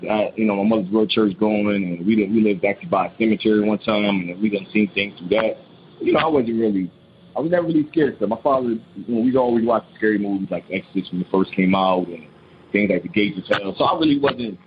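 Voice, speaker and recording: A man calling in to tell a true ghost story in casual, rambling speech, full of restarts and repeats, getting animated when he quotes others. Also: on the low side, highs cut off, a little hiss or hum. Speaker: caller. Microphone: phone call.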